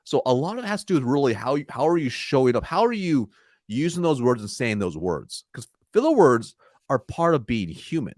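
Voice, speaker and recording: A man's voice: medium pitch, no echo, studio quality. A man guest on a podcast, a sales trainer talking energetically and acting out sales dialogue. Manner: energetic, acts out sales dialogue in quick asides. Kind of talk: conversational interview.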